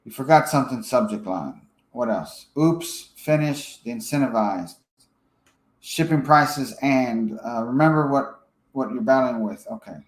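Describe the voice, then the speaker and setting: A man giving a casual screen-share software tutorial, thinking aloud as he edits and checking in with "okay?". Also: mid-range voice, animated, measured pace, echoey room, rough recording. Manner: casual, thinks aloud while editing, frequent fillers and "okay?" check-ins. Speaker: software trainer.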